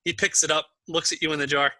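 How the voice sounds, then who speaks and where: Bright-voiced game master man. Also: fairly high pitch, little pitch movement, quick pace, no room sound. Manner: casual, laughs easily. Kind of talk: narrating a tabletop game.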